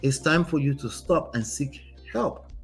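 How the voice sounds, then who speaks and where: A man's voice: a little high, measured pace, gravelly, faint music behind. A man, a relationship coach host giving casual, emphatic commentary and often asking "right?". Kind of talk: casual commentary on a reader's story.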